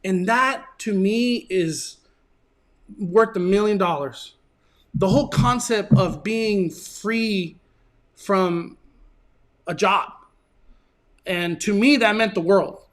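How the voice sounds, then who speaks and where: A man's voice: high-pitched, a bit bright. A man from Southern California, hosting his channel and earnestly telling a rambling, emotional personal story in casual chat. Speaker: channel host.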